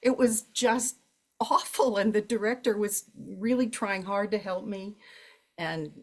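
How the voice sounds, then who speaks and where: Speaking a little slowly, an older woman known for audiobook narration recounts stories in an interview at a library event. She keeps it relaxed and chatty, laughs a lot, and her pitch shoots up when she emphasizes something.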